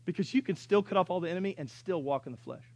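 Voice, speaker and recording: A high-pitched male pastor preaching a sermon, dropping to soft storytelling with jokes and then climbing to loud, driving exhortation. The sound is dry and close, with no room around it. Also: racing, no room sound. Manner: folksy, joking asides.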